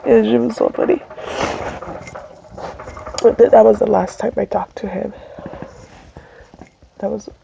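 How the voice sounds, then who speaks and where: A woman telling a personal story while crying, halting and tearful, with many restarts. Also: medium pitch, fairly even intonation, creaky, mellow. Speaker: vlogger. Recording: dull lo-fi audio with faint background noise.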